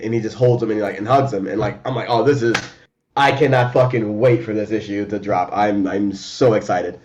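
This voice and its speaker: A man in a casual remote chat, talking fast and loose with lots of fillers, restarts and swearing. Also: lowish voice, muffled recording. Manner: animated and profane, many fillers and restarts. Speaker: podcast co-host.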